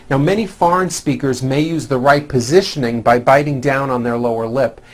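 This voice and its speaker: Slow, deliberate male pronunciation teacher. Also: medium pitch. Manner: slow, deliberate, exaggerated demonstration of sounds. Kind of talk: scripted English pronunciation lesson.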